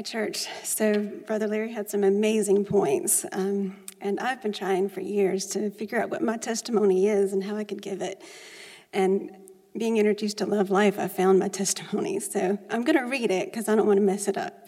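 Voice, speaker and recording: A middle-aged woman reading out her personal testimony to a church, emotional and soft-spoken, close to tears at times. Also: mid-range voice, slightly rough. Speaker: church member giving a testimony. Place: church sanctuary. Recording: long reverb of a church hall.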